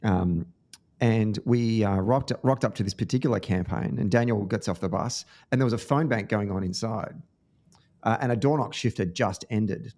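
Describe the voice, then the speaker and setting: A man's voice: fairly low pitch, normal speed, a little mellow. A man with an Australian accent, hosting a podcast and telling stories earnestly with lots of ums and restarts. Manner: earnest storytelling, with frequent fillers and restarts. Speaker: podcast host. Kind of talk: casual podcast conversation.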